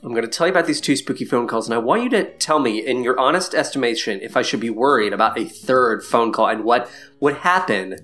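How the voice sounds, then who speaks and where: A man's voice: mid-range voice, quick pace, pushed and bright. A man in his thirties hosting a podcast in casual chat, swearing freely and laughing often. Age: 30s. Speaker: podcast host.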